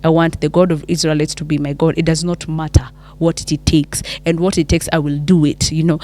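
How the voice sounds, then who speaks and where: A Kenyan woman retelling a Bible story casually, animated, switching between English and Swahili slang. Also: deep voice, fairly quick. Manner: animated, mixes English and Swahili, many restarts.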